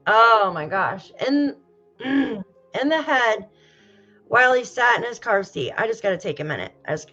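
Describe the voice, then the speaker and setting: Woman, true crime host; sympathetic, tearful-edged, unhurried delivery, dull recording. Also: a little high. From United States. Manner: emotional, sympathetic, softly exclaiming. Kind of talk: casual live-stream commentary, reading viewer comments.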